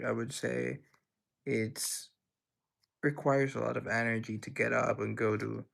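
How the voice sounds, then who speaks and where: A man's voice: medium pitch, gravelly. A young man hosting a livestream, reading chat messages aloud and answering them in a rambling, playful way. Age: young adult. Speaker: livestream host.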